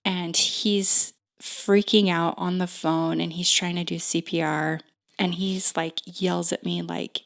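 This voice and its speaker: A woman in her thirties, a podcast guest sharing her own story in a conversation. Her voice sits a little low and has a gravelly fry to it. She talks slowly, with frequent "like" fillers and restarts. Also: little pitch movement, a bit bright.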